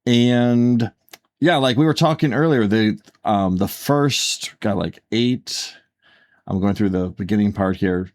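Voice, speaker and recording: A man's voice: on the low side, slow pace. A man co-hosting a casual podcast, talking things through in a rambling way with lots of fillers and restarts. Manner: rambling, filler-heavy, self-correcting. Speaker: podcast co-host. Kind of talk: casual chat.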